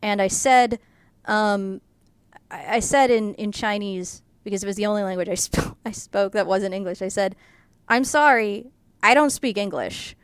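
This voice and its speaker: American woman vlogger, rambling casual anecdote, smooth tone, dry. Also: medium pitch, flat delivery, normal speed, no echo. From United States. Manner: chatty, rambling with many fillers, laughs through the telling. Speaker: artist vlogger. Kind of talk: casual storytelling.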